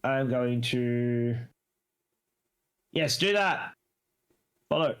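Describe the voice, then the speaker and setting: Lively man thinking aloud at game night. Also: mid-range voice, drawn-out words, crowd noise. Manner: lively, swears freely, thinks aloud about rules. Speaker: player. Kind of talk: casual tabletop game chat.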